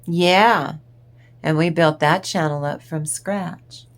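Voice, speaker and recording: Slow, low-voiced chatty woman tarot reader. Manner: rambling, chatty and wandering off topic. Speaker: tarot reader and channel host. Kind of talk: casual spiritual talk to viewers.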